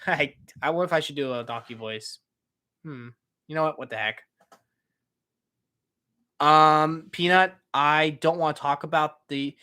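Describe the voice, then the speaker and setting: A man's voice: a little high, sharp tone, smooth. A young man hosting a casual live-stream Q&A, answering chat questions in an upbeat, rambling way with many fillers and self-corrections.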